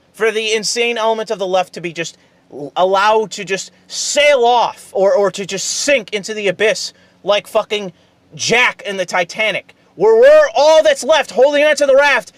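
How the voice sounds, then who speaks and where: Male host, high-pitched, dry close sound; furious profane rant to camera. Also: no echo. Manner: angry, heavily profane, emphatic. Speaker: political commentary video host. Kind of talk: ranting monologue to camera.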